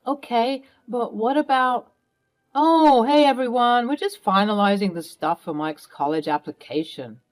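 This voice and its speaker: A woman's voice: fairly high pitch, unhurried, lightly acted. A woman doing a flustered teenage boy. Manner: flustered and evasive. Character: nervous teenage stepbrother.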